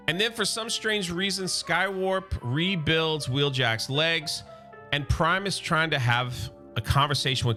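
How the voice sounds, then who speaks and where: A man's voice: on the high side, normal speed, sharp tone, faint music behind. A man recapping a comic in a casual, enthusiastic and chatty way. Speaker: comic book reviewer.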